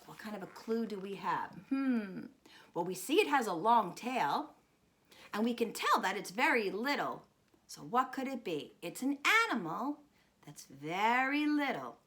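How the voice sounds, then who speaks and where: A woman speech teacher reading a guessing picture book to young children, animated and encouraging, with gasps and drawn-out words. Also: medium pitch. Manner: coaxing and encouraging, asking children questions.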